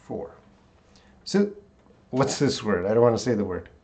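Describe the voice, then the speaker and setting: A male English teacher runs a live-streamed pronunciation lesson, speaking at an unhurried pace. His pitch moves in a lively way as he stretches words out and repeats them syllable by syllable. Between words he answers viewers by name. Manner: drawn-out word repetition, reading viewer names.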